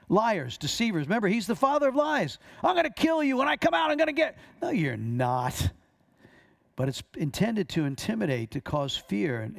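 A middle-aged man teaching a class on deliverance ministry, telling animated stories and acting out the voices in them. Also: on the high side. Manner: animated storyteller, acts out voices in his stories.

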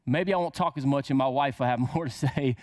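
A man's voice: medium pitch, a little fast, darkish tone, dry recording. A man preaching a casual sermon to camera, asking rhetorical questions and drawing words out for emphasis.

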